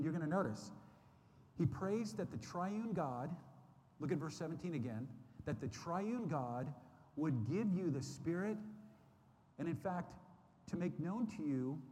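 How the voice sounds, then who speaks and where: A man leads a Bible study in an earnest, searching way, circling back over phrases and stumbling through fillers as he hunts for words. His voice sits a little high for a man. The hall has a long echo, with a faint hiss behind him. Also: a little mellow. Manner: earnest, repeats phrases, many fillers and restarts. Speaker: Sunday school teacher. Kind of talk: Bible teaching. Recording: roomy hall with faint background noise.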